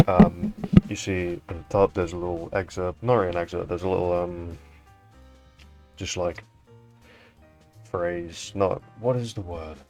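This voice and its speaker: Rambling deep-voiced young man. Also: expressive, a little slow, pauses often, darkish tone, faint music behind. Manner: rambling, swears casually, trails off. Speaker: showcase host. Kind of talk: casual commentary on fan art.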